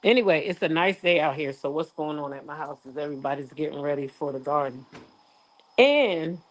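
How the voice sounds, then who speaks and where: A woman's voice: low voice, lively intonation, a little fast, poor audio. A woman hosting a casual live stream from her backyard, chatty and greeting viewers by name, a little stuffy from a cold. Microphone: phone on a selfie stick.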